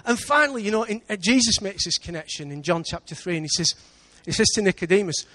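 A man with an English accent preaching a sermon in church, lively, with big swings between loud and quiet. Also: sits high, fast, hardly any pauses. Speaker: pastor.

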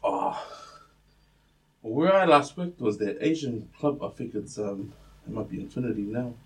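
A man, co-hosting a casual podcast chat and telling animated, swear-filled stories, acting out what people said. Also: medium pitch, unhurried. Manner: animated storyteller, swears freely, acts out quotes. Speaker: podcast co-host. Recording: distant mic, faint room ambience.

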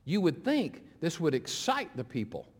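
A man's voice: huge pitch swings, normal speed, breathy edge. Dramatic preacher man in a reverberant hall. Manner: dramatic, swings between loud appeals and hushed low retelling. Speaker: interim pastor. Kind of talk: sermon. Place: church sanctuary.

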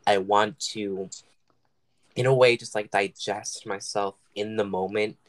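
A woman's voice: rumbling low, steady tone, unhurried. A young woman in casual chat, laid-back, steering the talk back on topic.

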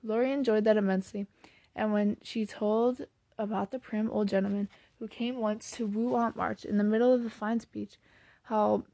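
A woman reading a classic novel aloud in plain, steady storybook narration, now and then correcting a slipped word. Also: medium pitch, vocal fry, no echo. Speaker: audiobook reader.

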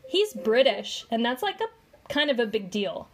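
A woman's voice: fairly high pitch, big pitch swings, normal speed. A woman co-hosting a casual commentary podcast, chatty and heavy on fillers as she explains. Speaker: podcast co-host.

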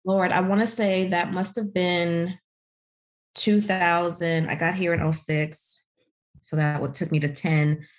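A middle-aged woman from the United States telling her career story in an interview, animated and full of "you know" fillers. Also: measured pace. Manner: animated storytelling, voices quotes with big pitch leaps. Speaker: guest, author. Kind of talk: podcast interview, personal story.

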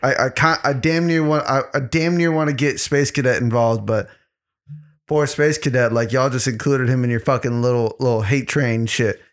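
A man hosting a comedy podcast, telling crude stories in a rambling, profane way. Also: normal speed. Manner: rambling, profane, gets louder and higher when excited. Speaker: podcast host.

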